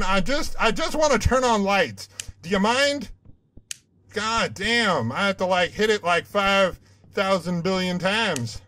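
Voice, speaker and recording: A man's voice: high-pitched, lively intonation, slow, bright, forceful tone. A young man giving let's play commentary on a horror game, jumpy and swearing, rambling and talking back at the game.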